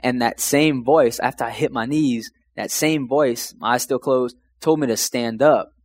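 A man's voice: medium pitch, a little slow. A young man from Louisiana casually telling his faith testimony, rambling and emotional, full of "man" and "like". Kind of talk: casual personal storytelling.

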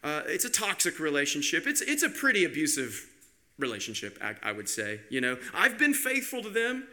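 A man's voice: on the high side, wildly swooping pitch, fairly quick, bright, forceful tone, exaggerated voice. A man voicing God as a hurt, weary male neighbor who chats casually and confides over the fence, in a sermon illustration. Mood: aggrieved.

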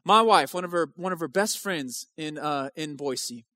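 High-voiced impassioned male pastor. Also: animated, normal speed, pushed and bright, no room sound. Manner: impassioned, repeats rhetorical questions. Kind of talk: sermon. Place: church service.

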